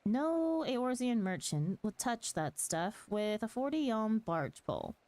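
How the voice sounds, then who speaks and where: Scheming pirate sailor, male, put-on pirate accent, rough drawl; read by a woman. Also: medium pitch, darkish tone, no echo, close to an everyday voice, poor audio. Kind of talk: reading game dialogue aloud.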